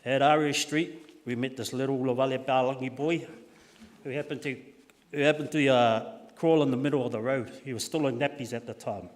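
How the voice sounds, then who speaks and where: A man's voice: medium pitch, fairly even intonation, fairly quick. A man giving a funeral eulogy from notes, recalling childhood stories with many restarts. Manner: warm storytelling with frequent uh and restarts. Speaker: family member giving a eulogy. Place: church hall. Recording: long echo of a large church hall.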